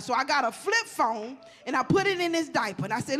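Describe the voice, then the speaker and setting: A woman in her forties telling a profane stand-up comedy story, animated and talking straight to the audience. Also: sits high, brisk, few pauses.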